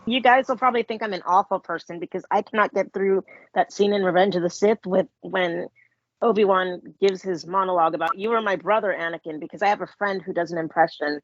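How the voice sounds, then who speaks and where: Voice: mid-range voice, fairly even intonation, a little fast, no room sound. A podcast panelist in casual chat, cheerful and self-deprecating. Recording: dry, dull lo-fi sound.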